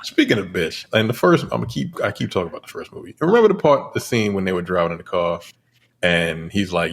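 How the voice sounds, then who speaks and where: A man's voice: low voice, animated, fast talker, a little hiss or hum. A man co-hosting a casual movie review chat, laughing often and mimicking characters. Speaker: podcast co-host.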